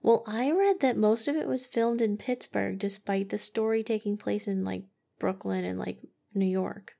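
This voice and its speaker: A woman's voice: medium pitch, normal speed, gravelly, warm tone. A young woman co-hosting a casual movie review podcast, chatty and full of "like". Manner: chatty, heavy use of "like". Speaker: podcast co-host.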